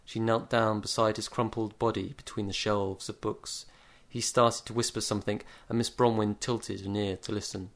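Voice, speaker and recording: Low-voiced man reading a story deadpan. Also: normal speed, few pauses. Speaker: narrator.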